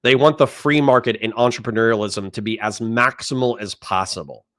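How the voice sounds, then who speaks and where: A male livestream host with a mid-pitched voice rants and explains in casual, profane commentary. His voice sounds dry and close, with almost no room around it. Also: a little fast, a bit bright, no echo. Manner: profane, ranting, talks over clips.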